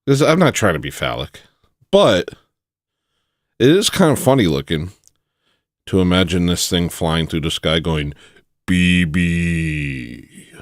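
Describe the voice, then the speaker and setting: Very low-voiced man joking in bursts. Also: very animated, normal speed, long pauses, no room sound, studio quality. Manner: joking, rambling, loud sudden bursts. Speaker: commentary host. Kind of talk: satirical commentary.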